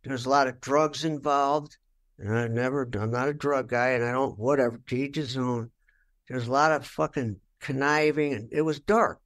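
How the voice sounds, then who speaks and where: He's an older rock guitarist with a mid-range voice, talking at an ordinary pace in a candid interview. Blunt and heavily profane, he recounts stories and plays out what he said at the time.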